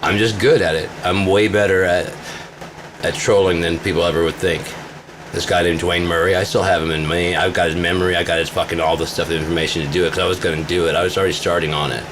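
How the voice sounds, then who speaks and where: A man's voice: deep voice, fairly even intonation, fast talker, noisy background. A man vlogging in a casual, rambling monologue, profane and boastful.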